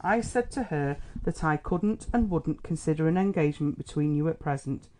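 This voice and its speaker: A man's voice: fairly high pitch, lively intonation, moderate pace, darkish tone, a little hiss or hum, lightly acted. A man reading an audiobook, voicing a stern, brusque middle-aged country doctor questioning a suitor. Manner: testy and brusque.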